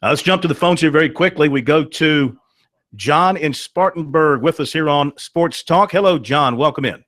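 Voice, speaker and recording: A man's voice: fairly high pitch, moderate pace, a bit bright, no echo, studio quality. A man hosting a call-in sports radio show, chatting in a folksy, storytelling way with plenty of fillers. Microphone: studio microphone.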